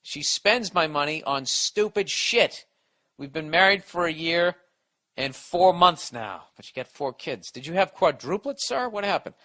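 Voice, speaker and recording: A man's voice: on the high side, expressive, unhurried, pushed and bright. A middle-aged man hosting a podcast, ranting and giving advice in a profane, exasperated, sarcastic way. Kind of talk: ranting comedic podcast monologue.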